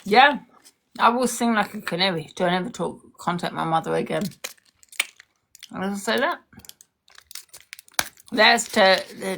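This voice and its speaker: A young woman delivers a heated social media rant. Her voice has a gravelly, creaky edge. She is confrontational and hammers points home by repeating herself. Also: fairly low pitch, fairly bright tone, slight background noise.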